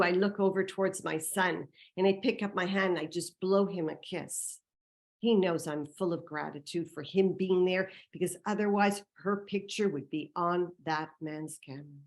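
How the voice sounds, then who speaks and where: A woman telling a personal story on stage, dramatic and vivid, moving between hushed and loud. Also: medium pitch. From Canada.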